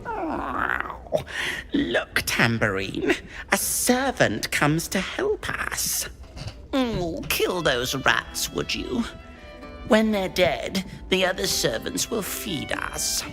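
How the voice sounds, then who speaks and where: An actress voicing a lazy, pampered cat who expects servants to feed it, in a game. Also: female voice, fairly low pitch, huge pitch swings, drawn-out words, gravelly, pauses often, fairly bright tone, faint music behind, full character voice. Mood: languid. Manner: languid, drawling.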